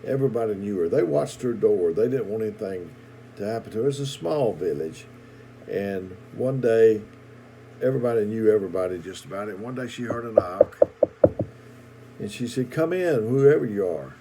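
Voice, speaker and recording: A middle-aged preacher gives a sermon for a video, his voice low and mellow. He tells homely stories, halting often and doubling back on his words. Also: a little hiss or hum, poor audio. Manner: halting, repeats words, folksy storytelling.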